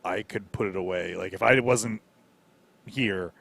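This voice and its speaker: A man's voice: low voice, a little slow, creaky, fairly bright tone. A man chiming in casually with dry, joking remarks. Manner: dry wisecracking interjections. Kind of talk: casual chat.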